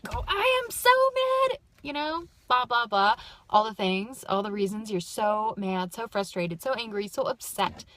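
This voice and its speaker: A middle-aged woman giving casual, upbeat advice straight to camera, chatty and full of asides and quick "right?" tags. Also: mid-range voice, no room sound. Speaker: vlogger giving life tips.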